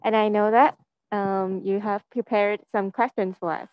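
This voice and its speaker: Smooth-voiced woman hosting an event. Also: medium pitch, steady tone, no room sound, lo-fi sound. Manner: polite, formal, slightly halting. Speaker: student event host.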